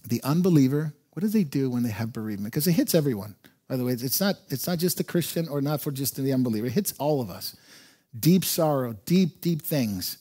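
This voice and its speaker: A man preaching a sermon as pastor, emphatic and animated, slowing down to stress key words. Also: fairly high pitch, slightly rough.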